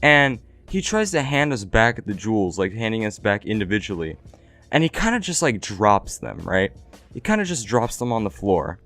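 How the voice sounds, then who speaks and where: Low-voiced young man telling a story. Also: very animated, moderate pace, fairly bright tone. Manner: slangy and profane, heavy "like" and "right?" tags. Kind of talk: casual storytime. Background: faint background music.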